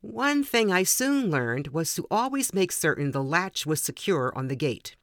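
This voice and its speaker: A woman's voice: fairly low pitch, very animated, unhurried, no echo, studio quality. Older woman reading her own dog story.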